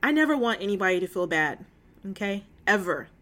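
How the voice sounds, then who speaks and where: Speaking fairly quickly and very animatedly, a woman with a medium-pitched, somewhat bright voice hosts a relaxed faith conversation on a call. It's recorded over the phone, and she comes across earnest and emotional, full of fillers and tangents.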